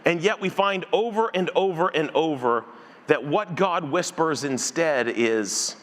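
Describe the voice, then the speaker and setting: A male pastor with a voice on the high side preaches unhurriedly in a church sanctuary, animatedly acting out the voices of the characters in his story. His speech carries a big-room sound.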